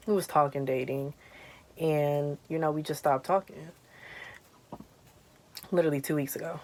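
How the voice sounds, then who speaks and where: A young woman vlogger telling a story in a casual, chatty way, animated and swearing freely, while she takes down her braids at home. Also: low-pitched, a little hiss or hum.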